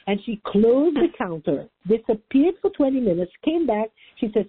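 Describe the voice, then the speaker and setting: A woman's voice: fairly high pitch, expressive, normal speed, hardly any pauses, husky, no room sound. A woman, an interview guest who teaches about relationships, tells a personal story in an earnest, emphatic, reflective way. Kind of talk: storytelling in conversation. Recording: tinny phone-line sound.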